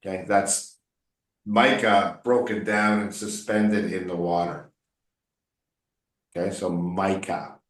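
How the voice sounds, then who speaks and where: A man's voice: deep voice, flat delivery, slow, pauses often. A man coaching English one on one, patiently explaining words and drilling pronunciation by repeating them. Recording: roomy echo.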